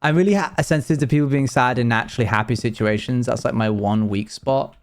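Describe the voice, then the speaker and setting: A man's voice: mid-range voice, fast, a little hiss or hum. A young man casually chatting with his stream viewers, telling rambling stories with frequent laughs. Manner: rambling, laughing, self-deprecating storytelling. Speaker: live streamer.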